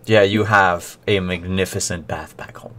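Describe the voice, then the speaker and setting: A man narrating a tabletop role-playing game as its game master, in a deliberate way. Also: deep voice, fairly even intonation, a bit bright, a little hiss or hum.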